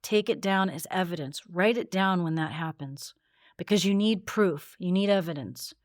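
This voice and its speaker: A woman voice coach leading a guided voice exercise with calm, measured instructions. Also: lowish voice, no echo, clean studio sound. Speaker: voice coach and podcast host.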